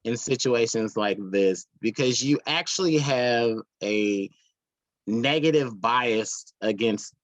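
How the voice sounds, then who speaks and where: A man's voice: mid-range voice, slow pace, no echo, lo-fi sound. A man co-hosting a casual podcast chat, who laughs often, cuts in and teases his co-host. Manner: laughs often, interrupts, teasing.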